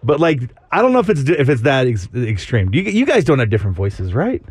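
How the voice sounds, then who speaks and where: A man hosting a sports radio show, chatting casually, his voice climbing higher when he gets excited. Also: fairly quick, breathy edge, dry recording.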